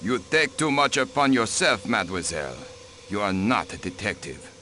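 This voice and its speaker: A man's voice: lowish voice, sing-song, moderate pace, sharp tone, a little hiss or hum. A man voicing a haughty, protective aristocratic diplomat in a mystery game. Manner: haughty, clipped and dismissive. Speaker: count and diplomat. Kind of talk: video game voice acting.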